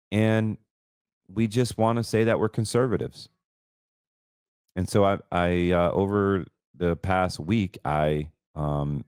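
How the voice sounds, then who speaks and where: A man's voice: deep voice, darkish tone, clean tone, no echo, clean studio sound. A middle-aged man from North Carolina with a Southern American accent, hosting a casual monologue and ranting bluntly about his critics. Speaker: host.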